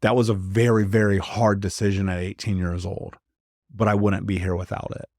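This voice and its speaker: Guy in his 30s, podcast guest, lower voice, earnest, says like a lot, dry sound. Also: little pitch movement, normal speed, darkish tone, no room sound. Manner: earnest, emphatic, frequent "like" fillers. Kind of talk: candid personal storytelling.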